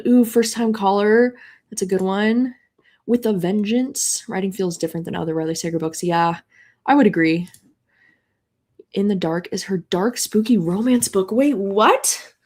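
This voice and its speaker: Young woman, livestream host, casual and excitable chatter, mid-pitched voice. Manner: chatty and excitable, many "like" fillers. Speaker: host reading chat comments during a live readathon.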